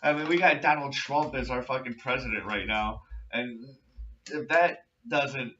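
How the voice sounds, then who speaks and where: Profane rambling young man, bright voice. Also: medium pitch, a little slow, recorded from a distance. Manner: rambling, profane, retells scenes with quoted voices. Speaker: podcast host. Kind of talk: casual movie review chat. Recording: lo-fi, roomy, from off-mic.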